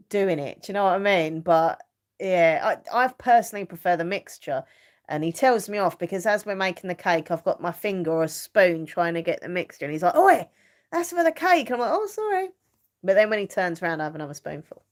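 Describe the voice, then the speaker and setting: A middle-aged woman rambling chattily as a live stream host, full of fillers and ready laughs. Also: on the low side. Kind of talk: casual chat.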